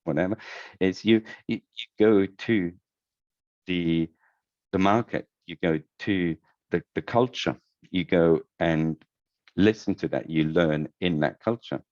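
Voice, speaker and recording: A man with a very deep voice answers interview questions, circling back and repeating words as he thinks aloud. The audio is dull and lo-fi, with a dry, close sound and no room around it. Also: measured pace, darkish tone, dry recording. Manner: thoughtful, many restarts and repeated words. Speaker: guest, head of user experience. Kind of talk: conversational podcast interview.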